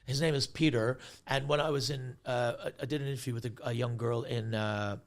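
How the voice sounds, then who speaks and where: A man's voice: medium pitch, brisk. A man guesting on a comedy podcast, telling rambling comic stories with many restarts and acting out the people in them. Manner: excitable, restarts sentences, acts out the people in his stories.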